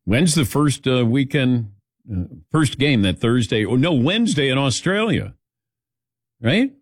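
A man's voice: medium pitch, big pitch swings, unhurried, no echo, clean studio sound. A middle-aged man hosting a sports talk show, joking with his crew, laughing often and calling on them by name. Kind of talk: casual studio banter.

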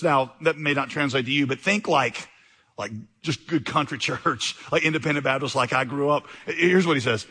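A man's voice: on the high side, moderate pace, bright, forceful tone, breathy edge. A man preaching a sermon, telling a story conversationally with fillers and asides. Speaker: pastor.

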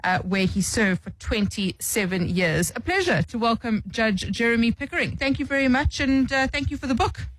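A radio host leads the interview, building long questions slowly and praising the guest's book between hesitant fillers. The voice sits at a moderate pitch in a dry, close studio sound. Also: no room sound, rough recording. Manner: warm praise, frequent fillers and restarts when asking long questions.

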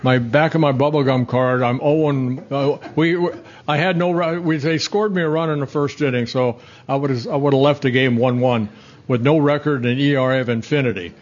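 A man's voice: mid-range voice, steady tone, normal speed, a little hiss or hum. Older male guest, rambling anecdotal storyteller, chuckles, slightly muffled audio. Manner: rambling, self-correcting, chuckles at his own stories. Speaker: former pitcher and guest. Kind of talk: casual interview storytelling.

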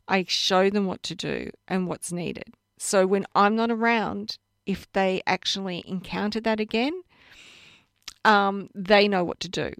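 A woman's voice: mid-range voice, no room sound, clean studio sound. A woman who works hands-on with horses and dogs, talking earnestly on a radio show in a casual, plain-spoken way with many fillers, while she is losing her voice. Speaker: animal bodywork practitioner, radio guest.

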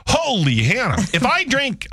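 A man's voice: very high voice, slightly rough, no echo. A man hosting a morning radio show, chatting casually and joking, with studio microphone sound. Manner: animated, joking, quick asides.

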